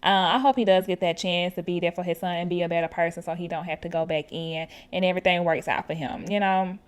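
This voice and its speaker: A woman's voice: fairly low pitch, steady tone, fast talker, clean tone. A woman hosting a podcast, chatting casually and animatedly with slang and frequent laughs. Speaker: podcast host recapping a reality show. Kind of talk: casual chat.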